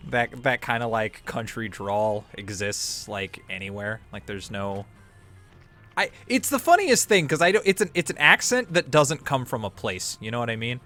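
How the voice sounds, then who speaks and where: A man's voice: medium pitch, big pitch swings, moderate pace, bright, forceful tone, soft background music. A man chatting casually over a video game, laughing often, rambling and swearing freely. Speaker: co-host of a gameplay video. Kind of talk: casual gameplay chat.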